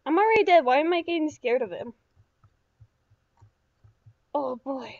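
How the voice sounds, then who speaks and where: A woman giving casual gameplay commentary, talking to herself and breaking into panicked yelps and shouts when startled. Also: high-pitched, lively intonation, a little slow. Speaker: gaming YouTuber. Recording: slightly dull lo-fi sound.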